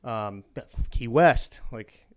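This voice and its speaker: Smooth-voiced talkative man from Indiana. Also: mid-range voice, lively intonation, extremely slow. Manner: talkative, rambling with fillers. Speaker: podcast co-host. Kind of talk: casual podcast chat.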